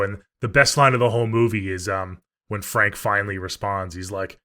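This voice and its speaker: A man hosts a casual film podcast and walks through scenes at an easy pace. His voice sits a little low for a man. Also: fairly even intonation, a little fast, hardly any pauses, sharp tone. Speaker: podcast host. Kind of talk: casual film review chat.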